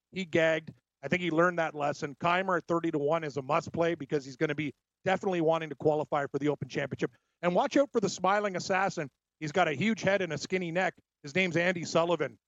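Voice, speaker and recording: A man co-hosting a casual sports betting show, an animated storyteller giving his picks. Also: a little high, dry recording. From Scotland. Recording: dry, dull lo-fi sound.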